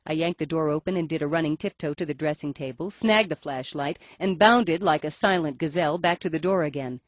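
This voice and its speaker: A woman's voice: deep voice, brisk, dry recording. A woman reading a first-person audiobook in a wry, dry storytelling manner. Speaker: audiobook narrator.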